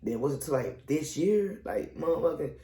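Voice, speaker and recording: A man in his twenties telling his own story casually, candid and profane, acting out what people said with sudden jumps in pitch. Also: animated, fairly quick, warm tone, echoey room. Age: 20s.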